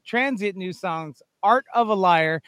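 A man co-hosting a podcast, steady and agreeable, leading into the next segment. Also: sits high, a little slow, smooth, no echo. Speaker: podcast host. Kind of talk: casual chat.

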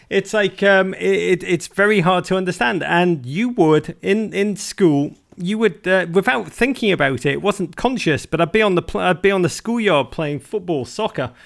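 A man from Liverpool with a gravelly, fairly high voice tells his stories with dry, self-mocking humour. He talks like a guest unspooling anecdotes in a relaxed interview. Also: moderate pace, hardly any pauses. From Liverpool, England. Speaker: guest, author. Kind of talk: storytelling interview talk.

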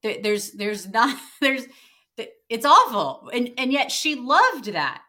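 A woman co-hosting a podcast, thinking aloud in relaxed conversation. Her voice is bright and a little tense, and she pauses and restarts as she works her ideas out. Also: a little high. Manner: thoughtful, hesitant, many fillers. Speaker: podcast co-host. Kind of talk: casual chat.

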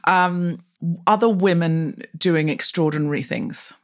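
A woman from Australia with a faint Australian accent, a podcast guest telling animated stories in casual interview chat. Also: fairly low pitch. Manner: animated, fast storytelling with laughs.

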